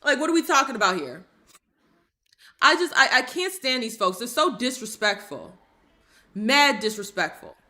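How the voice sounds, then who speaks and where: High bright heated woman commentator. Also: very animated, moderate pace, pauses often. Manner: blunt and heated, with profanity and rhetorical questions. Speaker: commentary streamer. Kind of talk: opinionated casual commentary.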